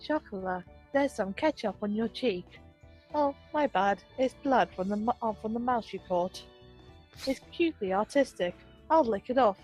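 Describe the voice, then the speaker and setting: Woman playing a soft deadpan catgirl. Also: a little high, moderate pace, faint music behind, pitched below the performer's own voice, lightly acted. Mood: deadpan sweet.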